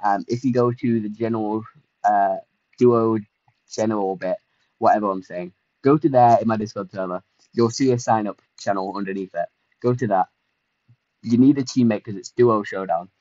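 This is a young male streamer, low in pitch, casually commenting on his game at an ordinary speed. He's eager and self-deprecating, peppering his talk with fillers while he shifts between groaning, bragging a little and talking to chat. There's no room sound; the mic is close and the tone a bit dull, like a home setup.

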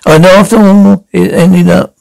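An awkward, earnest middle-aged husband, played by a man stumbles through his words in halting, stammering bits. His voice sits a little high and carries a gravelly fry. The sound is dry and close, as in an audio drama. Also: steady tone, darkish tone, no room sound, rough recording.

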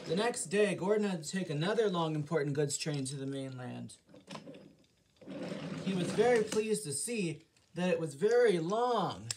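A man's voice: on the high side, lively intonation, normal speed, a little mellow, a little hiss or hum, rough recording. A man narrating a homemade storybook about steam engines, stumbling and restarting now and then. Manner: reading with restarts.

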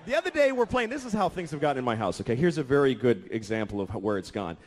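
A male stand-up comedian telling an exasperated family story, building up to shouting. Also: mid-range voice, sing-song, fast talker. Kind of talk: stand-up set. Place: comedy club stage. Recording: long hall reverb.

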